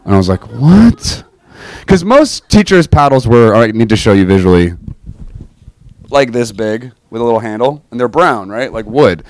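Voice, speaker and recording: Animated man telling a personal story. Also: lowish voice, fairly quick. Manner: animated, self-mocking, asks the audience "right?" often. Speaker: speaker telling his faith story.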